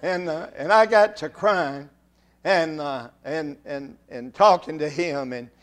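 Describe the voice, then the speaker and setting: An older man preaching a sermon, full of halting restarts and repeated words that build into fervent calls to the congregation. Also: fairly high pitch, a bit bright.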